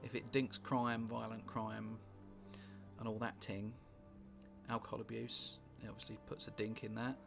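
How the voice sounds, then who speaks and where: A British man casually commentating on a strategy game he is playing, rambling and wry, with sweary asides and thinking out loud. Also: lowish voice, flat delivery, normal speed, vocal fry. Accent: British English. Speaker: gameplay commentator. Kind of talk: casual let's-play commentary. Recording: music playing underneath.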